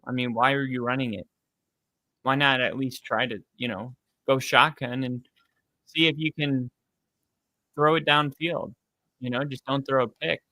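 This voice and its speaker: A man's voice: medium pitch, steady tone, measured pace, pauses often, no room sound, rough recording. A man hosting a live football reaction stream, chatting casually and reacting to plays. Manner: casual, reacts loudly to plays and baby-talks his dog. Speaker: livestream host.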